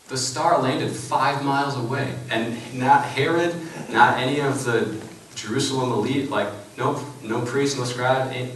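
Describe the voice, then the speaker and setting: Low-voiced minister preaching in an echoey hall. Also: male voice, a little hiss or hum. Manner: animated and informal, peppered with "right?". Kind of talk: casual conversational sermon. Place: church sanctuary. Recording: roomy church hall from far off.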